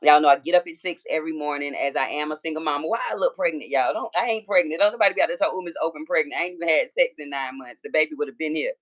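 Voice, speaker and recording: A woman's voice: sits low, very fast, few pauses. A woman in her thirties from Georgia with a Southern accent, chatting casually and profanely with viewers on a phone livestream. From Georgia, USA. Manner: chatty, profane, talks straight to her chat. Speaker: livestream host.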